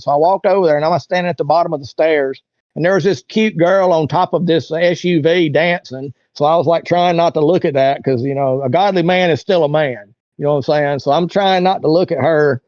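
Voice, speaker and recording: A man's voice: a little high, fast talker, a little mellow, no room sound, highs cut off. A man, an interview guest telling a long story in a rambling, folksy way. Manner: rambling, folksy, lots of "you know" and "like". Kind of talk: casual storytelling.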